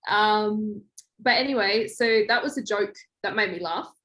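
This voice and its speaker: A young woman guest in a podcast interview, telling a story in a lively way and acting out quoted lines. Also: unhurried. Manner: animated, acts out quoted lines with big pitch jumps. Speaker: guest, former reality show contestant.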